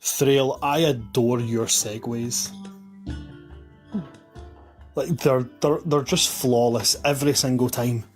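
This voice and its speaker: A man's voice: medium pitch, fairly even intonation, slow pace, pauses often, faint music behind. A man who works as a dungeon master, chatting animatedly on a live panel and often laughing. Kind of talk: casual panel chat.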